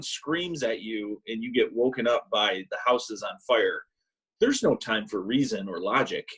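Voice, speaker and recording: A man co-hosting a casual podcast over a call, telling animated stories and mimicking people in a high voice. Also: normal speed, breathy edge, poor audio. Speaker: podcast co-host. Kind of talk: casual chat, storytelling. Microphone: remote call mic.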